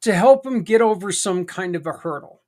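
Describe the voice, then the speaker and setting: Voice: mid-range voice, animated, moderate pace, a little mellow. Folksy rambling podcast host. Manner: folksy and rambling, with tangents and mild swearing; earnest and encouraging. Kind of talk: casual podcast monologue.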